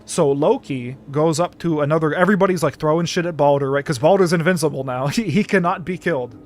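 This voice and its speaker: A man's voice: fairly high pitch, fast. Rambling young man telling a story. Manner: rambling storyteller, swears freely, self-correcting. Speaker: gaming streamer. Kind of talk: casual livestream commentary.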